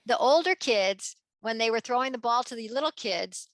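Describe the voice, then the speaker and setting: A woman being interviewed, talking in a lively way and acting out children's voices with big jumps in pitch. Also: normal speed, dry recording. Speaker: guest. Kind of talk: animated conversational interview.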